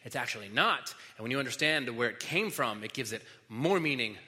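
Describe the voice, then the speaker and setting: Preaching as pastor in a large hall, a man teaches in a casual manner, with fillers and frequent restarts. His mid-range voice is expressive, brisk, bright, and forceful, with long hall reverb.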